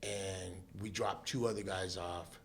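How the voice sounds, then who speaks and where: A man's voice: deep voice, unhurried, slight background noise. A man from Southern California, a podcast guest, telling a story in a casual interview and acting out the voices of the people in it. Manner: animated storyteller who acts out quoted voices, laughs often.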